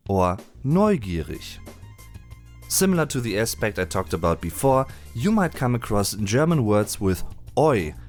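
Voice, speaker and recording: A man giving a voice-over lesson on pronunciation, patiently spelling out and demonstrating sounds slowly. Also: mid-range voice, darkish tone. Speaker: German language teacher. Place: indoors at home during a thunderstorm. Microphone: voice-over, no camera.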